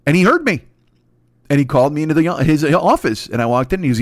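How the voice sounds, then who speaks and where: A man's voice: a little high, very animated, rapid-fire, no room sound. A man, a comedy writer, telling a rambling, profane and self-mocking story in casual podcast chat. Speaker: podcast host.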